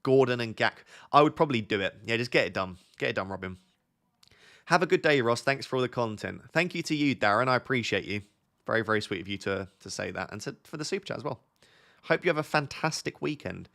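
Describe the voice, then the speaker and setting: A young man with a southern English accent talks casually on a live stream, reading out viewers' messages and answering them. His voice sits in an ordinary middle register and his manner is relaxed and friendly, thinking aloud as he goes. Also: mid-range voice, fast talker, gravelly. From Essex, England. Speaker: fantasy football streamer.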